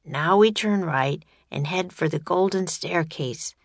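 A woman's voice: fairly low pitch, unhurried, no echo. A woman reading an audiobook, voicing a thoughtful young boy who speaks in a plain, matter-of-fact way.

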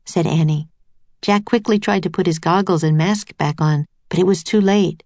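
A woman narrating a children's storybook aloud in a clear, even telling. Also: low voice, normal speed, no echo.

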